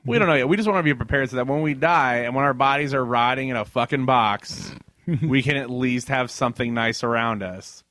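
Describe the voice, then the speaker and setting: A man's voice: medium pitch, a little fast, a bit bright, no room sound. A man co-hosting a casual comedy talk show, riffing with made-up quotes and swearing freely. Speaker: co-host.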